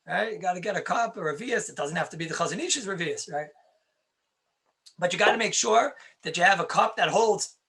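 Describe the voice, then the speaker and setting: Bright-voiced rabbi giving an emphatic lecture. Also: male voice, high-pitched, creaky. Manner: emphatic, repeats points, asks and answers his own questions. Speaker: rabbi teaching halacha. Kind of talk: conversational Torah lecture.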